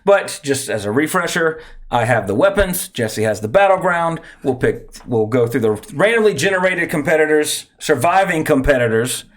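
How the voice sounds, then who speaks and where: A man's voice: on the high side, expressive, moderate pace, few pauses. A man hosting a casual podcast, rambling and correcting himself as he sets up a segment. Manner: rambling, self-correcting, chuckles often. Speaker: podcast host.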